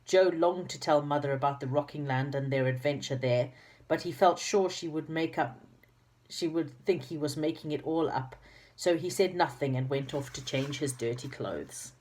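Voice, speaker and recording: A woman's voice: deep voice, normal speed, a little mellow. A woman reading a children's book aloud, with chatty asides and small slips. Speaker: reader.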